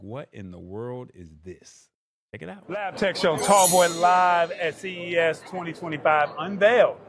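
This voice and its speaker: Excited tech show guy with a high voice, yelling over crowd noise at a trade show. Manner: enthusiastic, hyped-up. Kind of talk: casual on-the-floor product interview. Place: busy trade show floor. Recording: loud crowd chatter behind.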